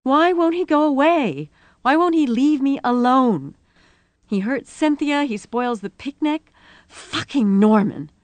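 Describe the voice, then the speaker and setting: A woman voicing a battered adult woman who is crying, shrill and furious. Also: moderate pace, gravelly, darkish tone, dry recording. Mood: tearful rage. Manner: sobbing, shrill, furious outbursts.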